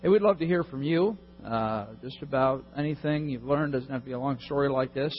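A man's voice: mid-range voice, fairly quick, dull audio, slight background noise. A man hosting a church service, casually inviting the congregation to share, joking now and then, speaking into a handheld mic.

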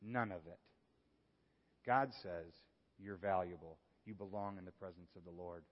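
A male pastor preaching a sermon, moving from hushed, earnest passages to lively exclamations. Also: low-pitched, moderate pace. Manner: animated, swings from hushed to exclaiming. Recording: dull sound with long hall reverb.

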